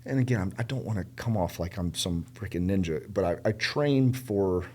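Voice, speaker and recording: A middle-aged man from South Carolina, a podcast guest telling stories in casual conversation, animated and emphatic, acting out the people he quotes. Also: low-pitched, normal speed. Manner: animated, acts out quoted dialogue; emphatic, repeats words for stress.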